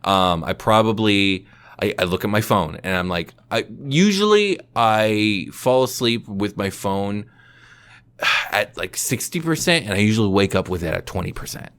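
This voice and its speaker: A man co-hosting a podcast, playing through a survival scenario in casual chat and thinking out loud. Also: fairly low pitch, normal speed, smooth. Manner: animated, thinks aloud, reads web pages out. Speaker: podcast co-host.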